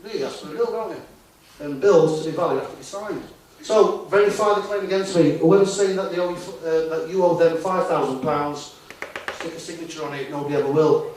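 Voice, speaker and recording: A male conference speaker gives a live, conversational talk, peppering the audience with rhetorical questions. His voice is a little high, a little fast, and a little mellow, captured from a distant mic in an echoey hall with faint noise.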